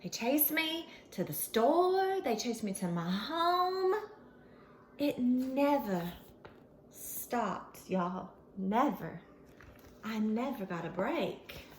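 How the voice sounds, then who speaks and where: A woman telling a children's story in an animated way, speaking as the character in the first person. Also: fairly high pitch, very slow, background noise. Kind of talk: expressive read-aloud storytelling. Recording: echoey room.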